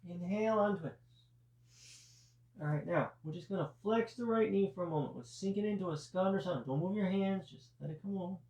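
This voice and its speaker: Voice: medium pitch, a little fast, darkish tone, distant mic, muffled recording. A yoga teacher guiding a live class through breath and poses, with chatty asides. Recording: roomy, voice from off-mic.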